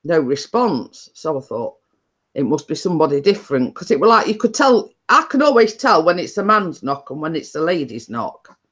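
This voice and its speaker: A woman's voice: sits low, sing-song, normal speed, a bit bright. A woman hosting a chatty live stream, telling stories in a rambling way with many restarts.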